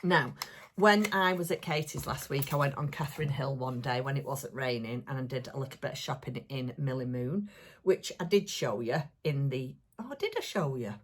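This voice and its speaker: A woman chats through her crafting vlog in a low, slightly husky voice. She gushes and rambles with lots of fillers, thrilled by every little thing she shows. Her talk is casual and homely, like catching up with a friend. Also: moderate pace. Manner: gushing, excitable, rambling with many fillers. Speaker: crafting vlogger. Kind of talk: casual chatty show-and-tell.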